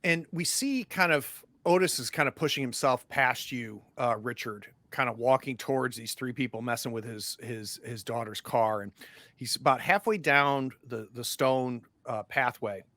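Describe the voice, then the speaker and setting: A man narrating a tabletop game as game master, animated and descriptive. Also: medium pitch, normal speed, no echo.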